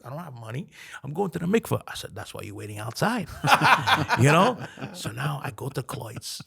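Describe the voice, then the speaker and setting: Gravelly, husky-voiced man telling stories. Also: medium pitch. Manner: animated, acts out quoted dialogue, laughs often. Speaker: podcast guest. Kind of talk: casual storytelling chat.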